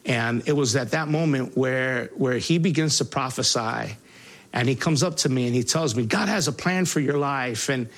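A man giving a spoken personal testimony, halting and earnest, with many restarts and fillers. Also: mid-range voice, fairly bright tone. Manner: voice rises sharply when reliving angry moments.

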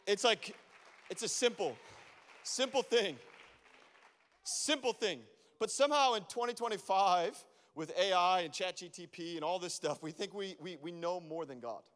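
A man preaching a sermon as a pastor, animated and acting out his own prayers to God. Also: high-pitched, moderate pace. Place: church. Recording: long reverb of a church hall.

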